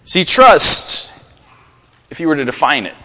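A man preaching a sermon to a congregation, telling stories in an animated way. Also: measured pace, long reverb tail. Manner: animated storytelling, rising pitch in acted quotes. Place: church.

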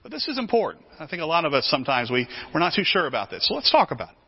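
Lively male preacher, teaching sermon, slightly high voice, dull lo-fi sound. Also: very fast, slightly rough. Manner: animated, repeats words while teaching.

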